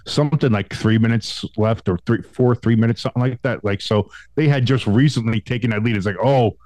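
Male podcast co-host with a cold, rambling and animated, dry close-mic sound. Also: medium pitch, brisk, no echo. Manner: rambling, animated, swears, many restarts. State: getting over a cold. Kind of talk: casual sports chat.

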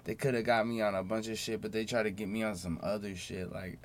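A man's voice: on the low side, little pitch movement, quick pace, slight background noise. A young man hosting his own podcast in a casual solo monologue, boastful and full of profane street slang. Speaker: podcast host.

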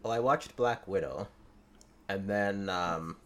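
A man's voice: sits low, slow pace, fairly bright tone. A man co-hosting a podcast in casual chat, laid-back with dry humor. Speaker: podcast co-host.

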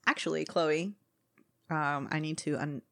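Young woman, pretty low voice, laid back, lots of ums, reading a spooky story to friends. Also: unhurried, creaky. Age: young adult. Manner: relaxed, hesitant with frequent ums. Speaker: podcast co-host reading a story. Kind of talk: casual chat and story reading.

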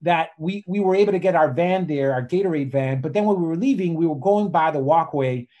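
Podcast guest, man, slightly high voice, lively casual storyteller. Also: a little fast, dull audio. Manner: animated storyteller, says "literally" and "right?" often.

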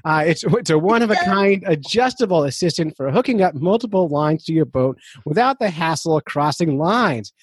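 A man hosting a podcast, chatting casually, laughing often and telling stories with animated energy. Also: a little high, moderate pace, hardly any pauses, breathy edge, no echo. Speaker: podcast host.

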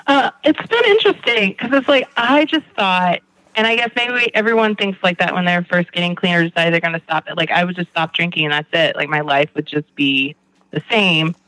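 A man with a bright, forceful voice, a little higher than most, talks through his story in a rambling, candid way. The sound is dry and close, with no room around it. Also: a little fast, no echo, low-quality recording. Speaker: guest in recovery. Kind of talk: candid conversation.

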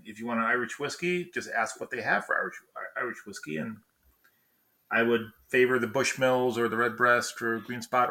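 A man chatting casually as a podcast co-host, easygoing and a bit hesitant. His voice is bright and forward. He sits at a middling pitch. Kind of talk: casual chat.

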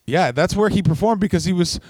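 Profane, animated man in comedy podcast chat. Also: high voice, fairly quick, dry recording. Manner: profane, animated, slips into mocking impressions. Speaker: podcast co-host.

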